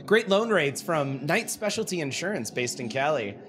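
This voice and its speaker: A man's voice: a little high, sing-song, moderate pace. Chatty self-mocking man hosting a stream. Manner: reads viewer comments aloud, chatty, self-deprecating; laughs easily. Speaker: livestream host. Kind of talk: casual stream chat.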